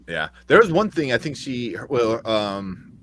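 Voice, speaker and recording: A man co-hosting a casual movie review podcast, talking excitedly, swearing freely and retelling scenes. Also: mid-range voice, unhurried, a little hiss or hum. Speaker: podcast co-host.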